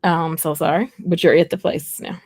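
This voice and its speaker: A woman's voice: on the low side, fairly even intonation, normal speed, a little mellow, breathy edge, no echo, clean studio sound. A young woman, chatting and telling a personal story to viewers on a live stream. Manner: storytelling, addresses viewers as y'all. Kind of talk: casual live chat.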